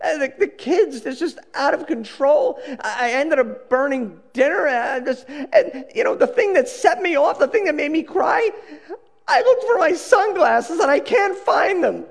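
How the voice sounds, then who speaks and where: A man voicing a frazzled young wife and mother who stammers, high and close to tears, in a sermon illustration. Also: lively intonation, normal speed, creaky, exaggerated voice. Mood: frazzled tearful.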